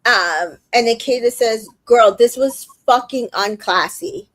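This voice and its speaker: A woman's voice: a little high, a little slow, fairly bright tone, no echo. Chatty woman recapping a reality show. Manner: retells scenes quoting people, swears freely, many fillers. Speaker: recap podcast host. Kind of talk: casual recap chat.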